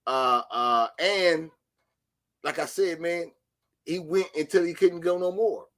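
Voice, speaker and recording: Profane dude in casual chat, bright tone, gets loud in bursts. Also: male voice, fairly high pitch, slow pace. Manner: animated, profane, jumps to shouting in bursts. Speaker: podcast co-host.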